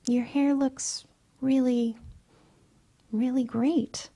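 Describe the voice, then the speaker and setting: A woman voicing a sharp, petulant young socialite with a breathy, sing-song delivery in an audiobook reading. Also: high-pitched, level tone, extremely slow, pitched above the performer's own voice, full character voice. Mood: snippy. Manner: snippy and dismissive.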